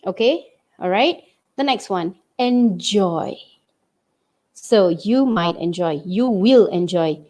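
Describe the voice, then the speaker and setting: This woman from Malaysia teaches English writing online, her voice fairly high in pitch with a dark tone. She explains things step by step, checking in with "okay?" as she goes.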